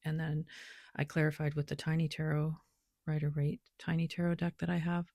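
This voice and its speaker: A woman's voice: deep voice, level tone, a little fast, mellow, dry recording, clean studio sound. A woman who reads tarot and oracle cards, talking loosely and rambling with lots of filler words in a casual spiritual vlog. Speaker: tarot and oracle card reader.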